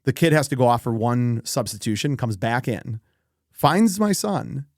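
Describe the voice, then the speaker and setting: Animated middle-aged man telling a story. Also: medium pitch, moderate pace, no echo, clean studio sound. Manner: animated, swears, acts out quoted people. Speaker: podcast co-host. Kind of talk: casual podcast storytelling.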